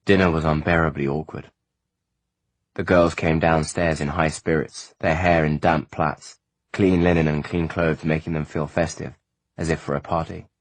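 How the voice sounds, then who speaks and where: A male audiobook narrator with a very deep, husky voice, telling the story in a measured, even way. The recording is close and dry. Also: no room sound.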